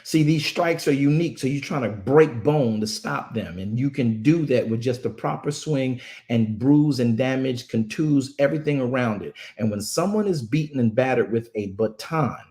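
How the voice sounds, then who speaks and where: A man's voice: medium pitch, expressive, normal speed, hardly any pauses, darkish tone. A man from a ministry giving impassioned commentary, emphatic and repetitive, often stammering as he restarts phrases. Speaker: ministry speaker.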